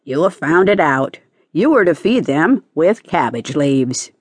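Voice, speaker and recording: A woman's voice: low-pitched, animated, measured pace, breathy edge, no room sound, heavily acted. A woman voicing a cheerful, knowing male lark in a storybook audiobook, teasing and persistent.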